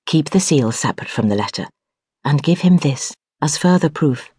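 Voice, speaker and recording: A woman voicing a proud, commanding noblewoman who speaks in a brisk, imperious, sharp-tongued way. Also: sits low, expressive, husky, dry recording, clean studio sound.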